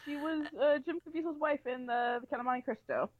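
A young woman co-hosting a podcast, chatting quickly about a TV show with fillers and joking asides. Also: sits high, no room sound, poor audio. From child of African immigrants. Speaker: podcast co-host. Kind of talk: casual chat recapping a TV show.

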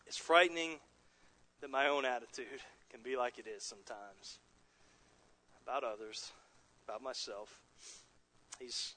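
A man delivers a sermon to his congregation in a voice that sits a little high and sounds bright and forward. He is earnest and conversational, restarting phrases and chuckling softly now and then as he explains the text. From Southern California. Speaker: pastor.

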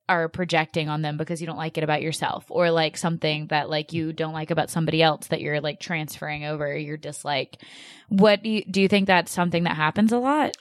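A woman's voice: fairly low pitch, fairly bright tone, no room sound, studio quality. Chatty young woman co-hosting a podcast. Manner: chatty, sarcastic, says "like" a lot. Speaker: podcast co-host. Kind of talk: casual podcast chat.

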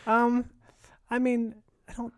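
A man's voice: very high-pitched, completely flat delivery, takes it slowly, heavy background noise. A man appearing as a podcast guest who sounds reluctant and sheepish. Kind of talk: casual comedic chat.

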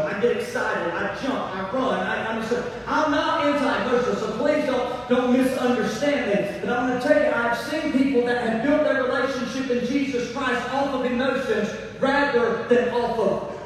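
High-voiced preacher in an echoey church. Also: male voice, normal speed, a little hiss or hum. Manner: animated, emphatic preaching with asides to the congregation. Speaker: pastor. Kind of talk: sermon. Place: large church sanctuary. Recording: echoey hall from far off.

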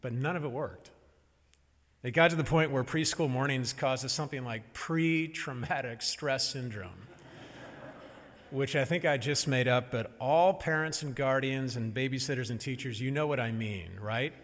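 A middle-aged man tells a story on stage in a lively, animated way. He pauses for effect and acts out the voices he quotes. His voice carries a long reverb from a large hall. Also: medium pitch. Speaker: speaker telling a family story to an audience.

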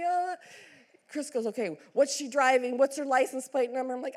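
A woman's voice: high voice, fairly quick. A middle-aged woman pastor telling a personal story in a sermon, acting out the quotes with big swings in her voice.

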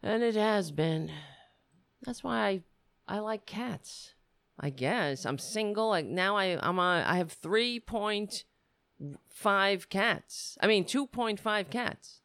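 A woman's voice: mid-range voice, a bit bright, dry recording, studio quality. A woman delivering a sardonic, rambling comic monologue from the United States. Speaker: comedian. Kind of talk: stand-up style comic monologue.

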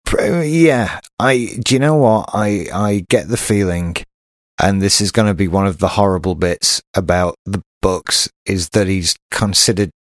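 Low-voiced british guy chatting on a podcast, keeps restarting, dry close sound. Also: no echo. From Britain. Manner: chatty, self-interrupting. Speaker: podcast co-host. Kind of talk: casual chat.

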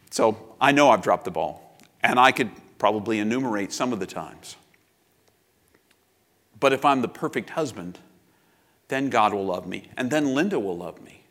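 A man's voice: mid-range voice, a bit bright. A man in his fifties preaching a sermon as pastor, reflective and confessional, with personal asides.

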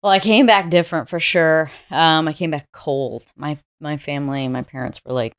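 A woman from the United States talks as an interview guest, recounting her experiences in a candid, reflective way. Her voice is low and smooth, and it sounds dry and close with no room echo. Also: steady tone, normal speed, few pauses. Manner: reflective, candid, laughs easily. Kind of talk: conversational storytelling.

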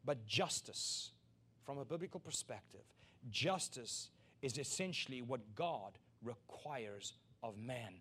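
A man preaching a sermon as pastor, emphatic and repeating key lines, building to loud peaks. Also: medium pitch, expressive, slow, slightly rough.

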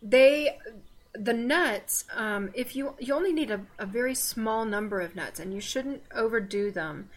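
A woman from the Southern United States co-hosts a casual faith podcast, chatting freely, wandering off topic, and slipping in teasing asides. Her Southern American voice is on the high side and animated, at a measured pace.

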